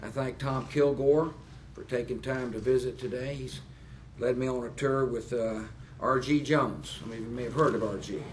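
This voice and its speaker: A man in his sixties giving a public speech to plant workers, folksy and halting, with fillers and joking asides. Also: mid-range voice, fairly even intonation, very noisy. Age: 60s. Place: nuclear power plant, indoors.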